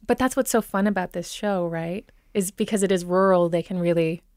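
A woman's voice: on the low side, steady tone, fairly quick, darkish tone, clean tone, dry recording, clean studio sound. Minnesotan woman explaining accents. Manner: enthusiastic, explanatory, frequent ums. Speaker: dialect coach. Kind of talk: expert guest in radio talk.

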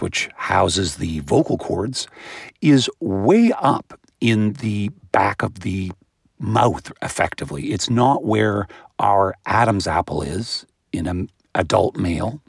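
A man answering interview questions as an expert, explaining with animation and breaking into high-pitched imitations of baby sounds. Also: vocal fry, slightly rough, dry recording, studio quality. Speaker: guest expert on voice and language.

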